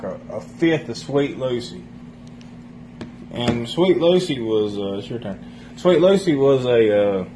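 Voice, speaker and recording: A man's voice: mid-range voice, a little mellow, slight background noise, poor audio. A man casually telling a rambling, profane story among friends. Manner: rambling, profane, laughs while telling stories.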